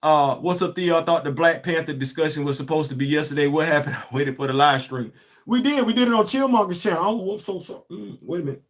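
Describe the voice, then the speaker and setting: A man with a slightly higher voice than most hosts a casual unboxing live stream. He talks straight to his viewers in an easygoing drawl, looping back over his own phrases and letting sentences trail off. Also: fast talker. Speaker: toy collector vlogger hosting a live stream.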